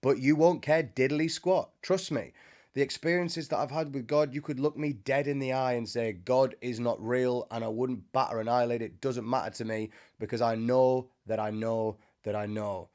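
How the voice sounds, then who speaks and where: This Christian teacher talks to the camera from an indoor seat under bright light, keeping things conversational and tossing in humorous remarks. He speaks at an ordinary speed, with a medium-pitched, darkish voice.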